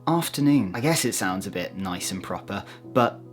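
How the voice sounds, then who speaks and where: A man's voice: low-pitched, normal speed, fairly bright tone, soft background music. A man with a British accent, talking casually to camera in a chatty, self-mocking way with joking asides. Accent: British English. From United Kingdom. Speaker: vlogger.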